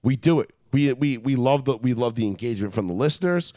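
A man co-hosting a casual sports podcast, talking in an animated, profane, heated, ribbing way. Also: medium pitch, fast talker, no room sound, clean studio sound. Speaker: podcast co-host.

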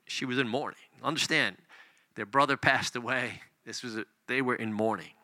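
A pastor reads scripture and explains it conversationally, swinging between loud emphasis and hushed near-whispers. His voice is mid-range, his pace moderate, and the recording dry.

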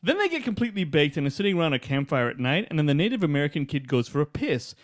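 A man co-hosting a casual film review chat, excitable and profane, often cutting off his co-host. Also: a little high, rapid-fire. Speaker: podcast co-host reviewing films.

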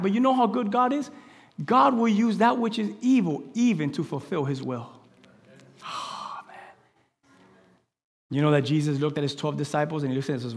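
A male pastor delivers an animated, rambling sermon to his congregation, with talkative asides. His voice sits a little high and leaps from loud exclamations down to hushed near-whispers. The sound carries the long reverb of a large church sanctuary. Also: moderate pace, creaky, long pauses.

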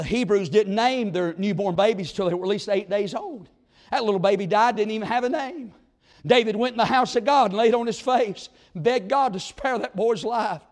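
A man preaching a revival sermon in a fervent, folksy style. His delivery swings between loud exclamations and low, drawn-out asides. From southern United States. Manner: folksy, plain-spoken country talk.

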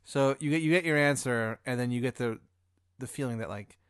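Guy host rambling thru a deadpan comedy bit, mid voice, dry room. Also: mid-range voice, brisk, clean tone, no echo. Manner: rambling, deadpan, with filler words. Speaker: podcast host. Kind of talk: improvised comedic storytelling.

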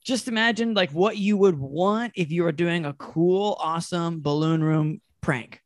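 A young man riffs in a loose, comic chat, stumbling through restarts and laughing at his own jokes. His voice sits fairly high, and it sounds dry and close with no room around it. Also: unhurried, no room sound. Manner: rambling, laughs often, many restarts. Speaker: podcast host. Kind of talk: casual comedic chat.

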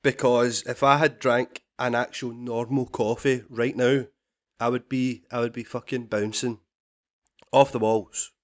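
A man's voice: medium pitch, unhurried. A man with a Scottish accent, a stand-up comedian chatting as a podcast guest, telling stories animatedly with laughter and restarts. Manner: animated storytelling, laughing, swearing, repeated restarts. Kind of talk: casual podcast chat.

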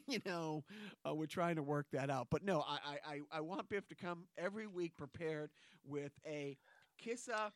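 A man's voice: a little high, moderate pace, no echo, studio quality. A man hosting a casual podcast chat, rambling and joking as he goes. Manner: rambling, joking, chuckles between thoughts. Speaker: podcast host.

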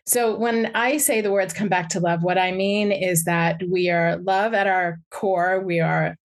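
A woman psychotherapist speaks to a live audience in a reflective, unhurried manner. Her voice sits on the low side, and she pauses often and fills gaps as she thinks. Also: fairly even intonation.

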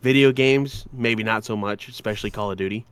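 A man's voice: lowish voice, a little fast, clean tone, no echo. A man co-hosting a podcast in casual chat, blunt and joking, swearing often. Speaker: podcast co-host.

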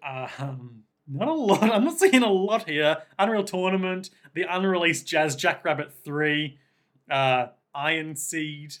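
A man hosting a casual podcast, reading facts aloud in a dry, amused way and spelling names out slowly. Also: fairly high pitch, lively intonation, a bit bright. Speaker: podcast host.

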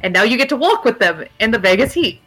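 A woman's voice: on the high side, big pitch swings, fast, a bit bright, husky, faint music behind. A woman narrating a tabletop game as game master, casual and rambling. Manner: casual, rambling with fillers, laughs easily.

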